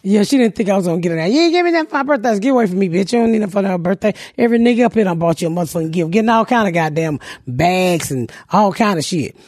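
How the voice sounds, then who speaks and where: A middle-aged woman hosting a comedy podcast, telling stories loudly and profanely and acting out other people's voices. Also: fairly low pitch, very fast, few pauses, dry recording, clean studio sound. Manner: loud, profane, storytelling with mimicked voices. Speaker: podcast host. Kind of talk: casual comedic chat.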